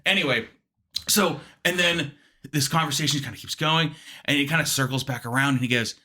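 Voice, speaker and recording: A young man, a guest comedian, telling animated stories with lots of fillers and the odd swear. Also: fairly high pitch, a little fast. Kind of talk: comedic storytelling.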